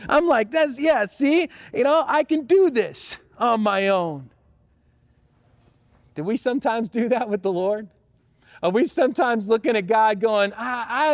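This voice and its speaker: A pastor telling a personal story in a sermon, lively at times and quiet and prayerful at others. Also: male voice, very high-pitched, a little slow, no echo.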